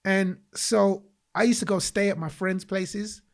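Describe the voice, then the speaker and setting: A man from England, speaking as a guest on a podcast. His voice sits a little high and has a gravelly edge. He tells his story with animation and slips into the voices of the people he quotes. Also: steady tone, a little slow. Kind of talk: personal storytelling in a podcast interview.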